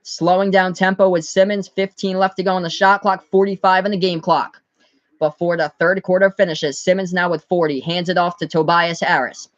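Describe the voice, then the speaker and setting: Guy from the northeast doing live play-by-play, kinda high voice, dry dull mic. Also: little pitch movement, a bit bright, no echo. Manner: brisk scorecalling, talks to chat. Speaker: play-by-play streamer.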